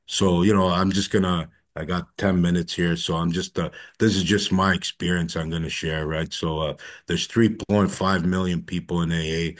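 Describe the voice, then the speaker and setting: A man sharing his personal recovery story at a meeting, talking with many fillers and restarts and acting out remembered conversations. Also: low voice. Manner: acts out dialogue in quotes. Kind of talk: personal testimony talk.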